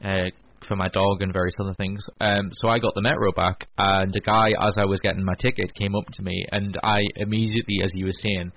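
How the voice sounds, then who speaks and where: Low-voiced man, rambling chat. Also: flat delivery, fairly quick, hardly any pauses. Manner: rambling, many fillers and restarts. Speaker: podcast co-host. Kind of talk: casual chat. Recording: lo-fi radio broadcast with faint hiss.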